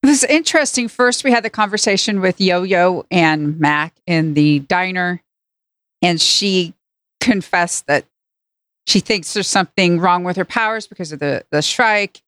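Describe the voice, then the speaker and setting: Smooth-voiced woman podcast co-host. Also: on the low side, unhurried, fairly bright tone, dry recording, clean studio sound. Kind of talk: casual chat.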